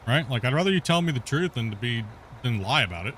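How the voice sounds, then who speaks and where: A man streams a game in a medium-pitched, fairly bright voice, animated and quick, with a little hiss or hum on the audio. His casual gameplay chat rambles, full of laughter and swearing, and he keeps tacking on "you know" and "right?".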